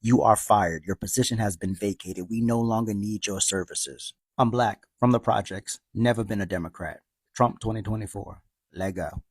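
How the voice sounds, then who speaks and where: A man giving sarcastic reaction commentary with deadpan, drawn-out retorts. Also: lowish voice, slightly rough, no echo, studio quality.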